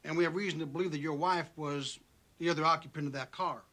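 An actor playing a police detective, speaking in a brisk, matter-of-fact way. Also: male voice, on the high side, steady tone, pushed and bright.

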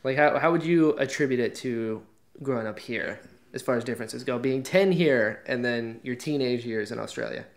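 A man's voice: mid-range voice, moderate pace. Young male podcast host. Easygoing, conversational, mid-range voice. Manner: easygoing, says "gotcha" and "interesting" often. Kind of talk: casual interview chat.

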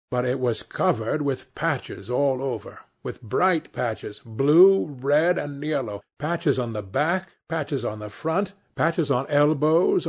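Husky male audiobook narrator. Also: medium pitch.

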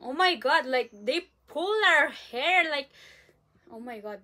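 Young woman vlogger, from the Philippines, unhurried, slightly high voice, dramatic and chatty. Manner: animated, self-described dramatic, lots of fillers and laughs. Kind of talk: casual storytelling to camera.

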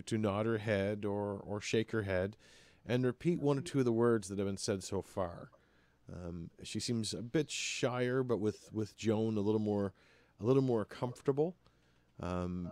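Male game master, low voice, halting delivery with lots of "uh"s, narrating a tabletop session. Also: a little mellow. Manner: halting, many fillers and repeats.

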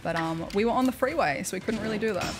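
A young Australian woman chats on a gaming stream, her voice sitting at an ordinary middle pitch. She laughs often and tells stories with lively energy. Soft game music plays in the background. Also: fast. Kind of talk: casual livestream chat while gaming.

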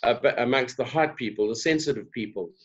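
A man's voice: medium pitch, fairly quick, husky. A man from South Africa, a diversity trainer, telling stories in casual conversation and acting out the dialogue in his anecdotes. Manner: animated, acts out dialogue in voices. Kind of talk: conversational storytelling. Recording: dull lo-fi recording.

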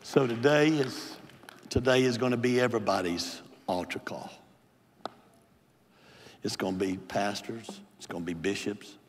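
A man's voice: lowish voice, steady tone, measured pace, long pauses, slight background noise. An older man, a bishop, preaching an impassioned Pentecostal sermon and altar call in a large church sanctuary. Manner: impassioned, pleading preacher who builds to hollering. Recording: long hall reverb in a big church.

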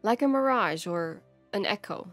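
A gruff shape-shifting elf woman, put on by a woman narrator from a fantasy storybook. She speaks in short, growled, commanding bursts at a middling pitch. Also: lively intonation, moderate pace, faint music behind, natural voice. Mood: growling.

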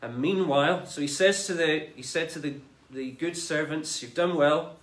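A man's voice: a little high, normal speed. Man preaching in an echoey room. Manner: conversational, animated retelling of scripture in everyday speech. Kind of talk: sermon. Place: church.

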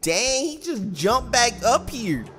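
A man giving excitable gameplay commentary as a gaming YouTuber, yelping and screaming when scared. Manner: rapid high-pitched panicky exclamations.

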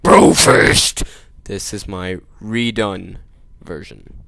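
A man doing gameplay commentary, joking, making sarcastic asides and yelling at the game. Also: fairly low pitch, unhurried. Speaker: let's play gamer.

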